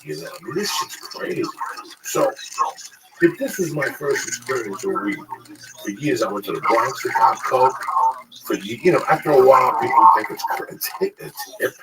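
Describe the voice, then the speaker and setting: A man hosting a podcast, ranting in a combative, heavily profane, animated way. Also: mid-range voice, moderate pace. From New Jersey / New York area. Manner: loud, swearing, combative, animated. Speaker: podcast host. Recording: far from mic, loud background noise.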